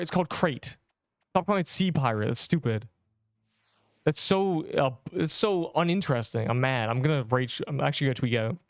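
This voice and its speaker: A young man streaming a game and talking to his chat in a loose, rambling way, full of slang and playful fake anger. His voice sits at an ordinary middle pitch. The sound is close and dry, with faint music playing underneath. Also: smooth, no room sound. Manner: joking mock outrage, slangy and rambling. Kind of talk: casual livestream chat.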